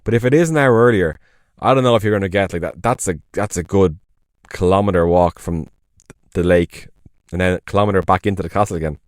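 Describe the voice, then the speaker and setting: An Irish man talks on a podcast with a lowish voice. He rambles eagerly and leans on fillers. The sound is dry and close, with no room echo. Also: fast. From Ireland. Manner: enthusiastic, rambling with frequent fillers. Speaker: podcast co-host. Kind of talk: casual podcast chat.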